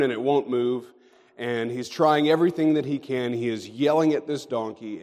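A man preaches a sermon in a middle-pitched voice, telling stories and often letting his sentences fall away softly at the end. The sound carries a long reverb from the church sanctuary where he speaks. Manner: storytelling, dropping to quiet endings. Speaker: pastor.

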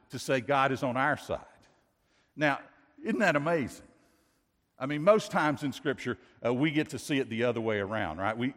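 Man preaching in a reverberant hall. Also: medium pitch. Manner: emphatic preaching with rhetorical questions and repetition. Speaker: pastor. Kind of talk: sermon. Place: church sanctuary.

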